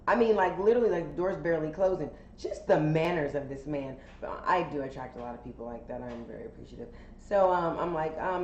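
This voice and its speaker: Telling a storytime on her podcast, a woman speaks in a low, slightly mellow voice, fairly quickly and with few pauses. She's chatty and candid, swearing and using lots of fillers, and the recording is roomy and a bit dull with faint hiss.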